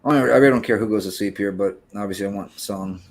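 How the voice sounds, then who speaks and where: A man's voice: lowish voice, fast talker. A man co-hosting a casual fight watch-along, calling the action in short bursts and joking along. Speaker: podcast co-host.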